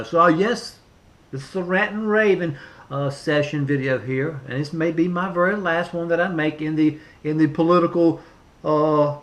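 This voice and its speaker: A man's voice: a little high, a bit bright. A man ranting emphatically to camera in a vlog, repeating himself with many fillers and restarts. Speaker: vlogger. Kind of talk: political rant to camera.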